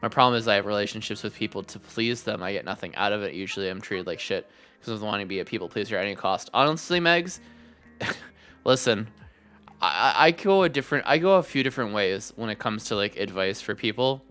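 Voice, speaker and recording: A man hosting a casual live-stream chat from home, giving blunt advice with plenty of swearing and animated ranting. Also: lowish voice, brisk, clear, resonant tone, faint music behind. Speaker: streamer and podcast host.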